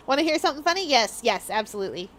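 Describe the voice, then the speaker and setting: A bubbly woman streamer chats casually with her viewers on a live stream, rambling and laughing often. Her voice sits high, and there's a little hiss or hum in the audio.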